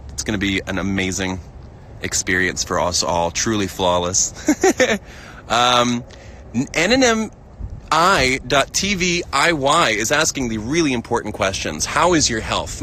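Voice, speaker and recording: Reading chat aloud during a casual outdoor livestream in a field, this young American host giggles a lot and leans on fillers and restarts. His medium-pitched voice swings widely in pitch and sounds pushed and bright at an unhurried pace, over slight background noise.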